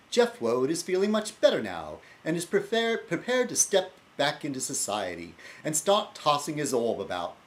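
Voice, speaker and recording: A man voicing a dissolute young Englishman in a rough put-on English accent, ranting theatrically and scornfully. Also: on the high side, voice pushed up.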